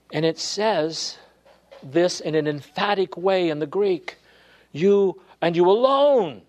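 A man preaching a sermon, building to emphatic peaks and then dropping low and quiet. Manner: preaching with swelling emphasis, dropping to near-whisper at times. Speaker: pastor.

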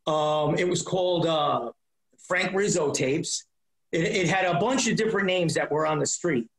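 High-voiced man telling stories, roomy. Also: moderate pace. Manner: profane, acts out voices in anecdotes. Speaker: comedian being interviewed. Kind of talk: animated storytelling. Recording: roomy echo.

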